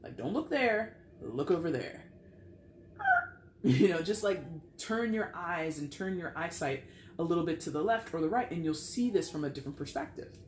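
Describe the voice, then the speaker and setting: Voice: medium pitch, lively intonation, moderate pace, reverberant, noisy background. A tarot reader giving a casual, rambling reading, full of fillers and blunt, salty language.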